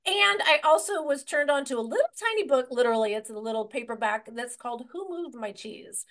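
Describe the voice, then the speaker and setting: Woman, 40s, realtor guest; energetic, rambling storyteller, higher pitch. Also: brisk. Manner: energetic and rambling, many restarts. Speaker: real estate agent, guest. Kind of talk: conversational storytelling interview.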